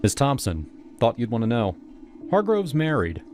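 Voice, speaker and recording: A man's voice: mid-range voice, wildly swooping pitch, normal speed, a little mellow. A man playing a curt, no-nonsense woman detective in a horror story read over music.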